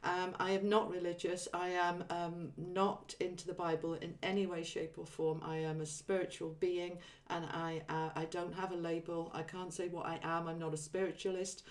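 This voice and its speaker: A woman's voice: fairly low pitch, moderate pace, hardly any pauses, far from the mic. A woman hosting a spiritual livestream, chatting casually, saying um often and reading viewer comments aloud. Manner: relaxed, chatty, many ums, reads viewer comments aloud. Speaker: livestream host.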